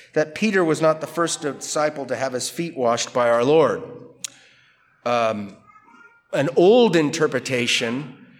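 A man preaching through a Bible passage verse by verse, conversational and emphatic, often asking rhetorical questions. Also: medium pitch. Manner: lively, emphatic delivery. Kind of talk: expository Bible teaching.

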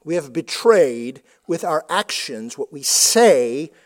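A man's voice: fairly high pitch, sing-song, slow. A man preaching a sermon, emphatic and repeating words for stress. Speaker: pastor.

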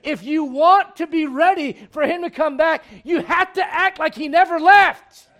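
A middle-aged male pastor preaching a dynamic sermon, swinging from loud to hushed and acting out voices in little scenes. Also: very high-pitched, moderate pace.

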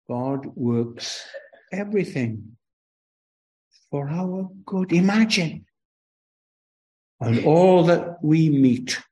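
An older Welsh man preaches to children, his pitch leaping and falling in a lively sing-song. He talks slowly and deliberately, leaning on each phrase with emphatic rises, and his voice sits a touch high for a man. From Wales. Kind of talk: children's sermon.

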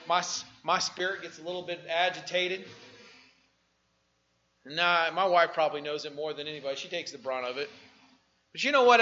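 Man, pastor, high bright voice, animated sermon delivery, dull lo-fi recording. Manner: animated preaching, swings from soft asides to shouting.

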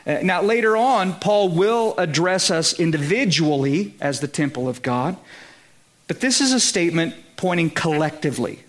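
High-voiced Southern preacher. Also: male voice, lively intonation, moderate pace. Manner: conversational preaching, checks in with listeners, rises to emphatic peaks. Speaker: pastor. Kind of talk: sermon.

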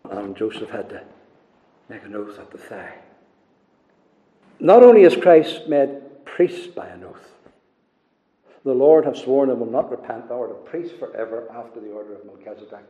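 A man preaching a sermon with a preaching cadence, moving between hushed passages and loud ones. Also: mid-range voice, lively intonation, moderate pace, long pauses. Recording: echoey hall with long reverb.

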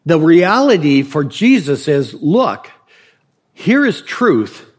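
Male pastor with a slightly high voice, preaching casually with questions and jokes. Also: very animated, slow pace. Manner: conversational preaching with rhetorical questions and humor. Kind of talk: sermon.

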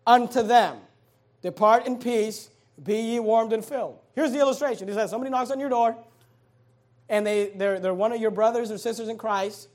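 Male pastor with a very high voice, preaching emphatically and drawing out key words. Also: steady tone, moderate pace, darkish tone. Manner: emphatic, stretching key words while reading scripture aloud. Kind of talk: sermon.

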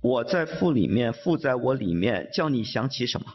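A man interpreting a sermon live, often stammering and repeating words, lively when he voices the quotes. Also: mid-range voice, moderate pace, soft background music. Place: large conference hall. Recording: dull muffled sound, long reverb in a hall.

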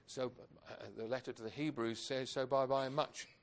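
A man's voice: medium pitch, fairly even intonation, moderate pace. A man preaching a sermon, earnest and emphatic, asking rhetorical questions of his congregation.

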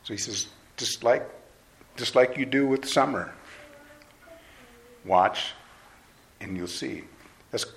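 A man's voice: medium pitch, slow pace, creaky, long pauses. A man preaching a sermon to a live audience in a conversational way, asking them questions. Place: hall with an audience. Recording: roomy hall, faint noise.

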